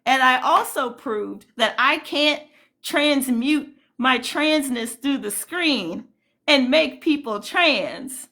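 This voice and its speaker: A woman's voice: high-pitched, animated, takes it slowly, sharp tone. A woman hosting a casual livestream, greeting viewers and giving indignant, rambling commentary full of fillers. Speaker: livestream host.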